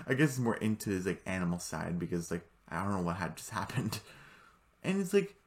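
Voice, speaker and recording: A man casually recapping a cartoon episode, rambling and excitable, with many fillers and restarts, jumping high when he quotes characters. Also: fast talker. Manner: jumps into high voices when quoting characters. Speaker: show recap commentator.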